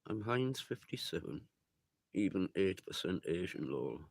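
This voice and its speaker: A man's voice: low voice, sing-song, unhurried, gravelly, slightly rough, no room sound. A man chatting loosely with his viewers on a livestream, swearing often and rambling from thought to thought. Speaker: livestreamer reading viewer chat. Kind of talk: rambling casual live chat.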